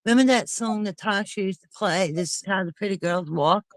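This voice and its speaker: A woman's voice: mid-range voice, brisk, no room sound, rough recording. A woman hosting a casual chat with friends, talking in an indignant, emphatic way.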